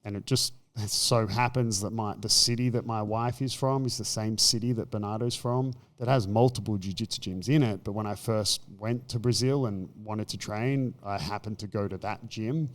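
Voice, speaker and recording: Australian man telling stories, low voice. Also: normal speed, hardly any pauses. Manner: animated storytelling, acts out quotes. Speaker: podcast guest. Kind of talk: casual chat.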